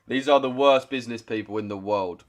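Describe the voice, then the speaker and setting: A man's voice: medium pitch, a little fast. Blunt young London man on stream. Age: 20s. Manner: blunt, slangy, swears freely, reads chat aloud. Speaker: trading streamer. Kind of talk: casual livestream chat.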